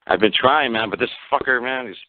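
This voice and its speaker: A man's voice: mid-range voice, fairly quick, no echo. A man calling in to a radio show, speaking hesitantly and casually, sounding frustrated. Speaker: caller. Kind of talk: call-in radio talk. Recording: dry tinny phone line.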